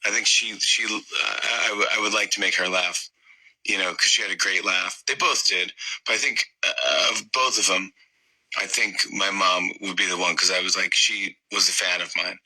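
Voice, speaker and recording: Middle-aged male comedian guest, bright tone, animated storytelling with acted-out voices, interview chat. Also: low voice, normal speed, slightly rough, low-quality recording.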